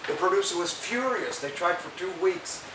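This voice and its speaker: A man's voice: sits high, animated, moderate pace. A male guitarist telling a story on a panel in a joking, self-mocking way and swearing freely. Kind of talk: panel discussion. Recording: echoey room, distant mic, loud noise.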